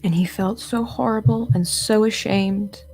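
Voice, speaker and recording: A woman streaming while she paints, chatting casually and retelling a children's story in an animated way. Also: mid-range voice, unhurried. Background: faint music.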